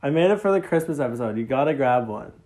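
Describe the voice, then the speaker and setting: A man's voice: mid-range voice, lively intonation, quick pace, over a noisy crowd, low-quality recording. A man hosting a podcast in casual chat, teasing his guests and laughing. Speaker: podcast host.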